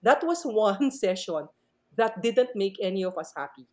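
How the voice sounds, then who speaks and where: A middle-aged woman with a Filipino accent, a math teacher telling animated stories as a podcast guest and switching between Tagalog and English. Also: medium pitch, normal speed. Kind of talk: casual podcast storytelling.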